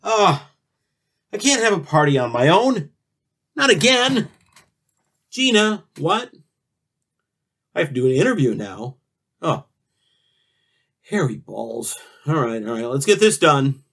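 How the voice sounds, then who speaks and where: A man's voice: fairly high pitch, slow, gravelly, pauses often, slightly rough. A man hosting a spoof radio talk show, rambling through absurd jokes with a straight face. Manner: rambling, absurd deadpan banter. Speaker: host.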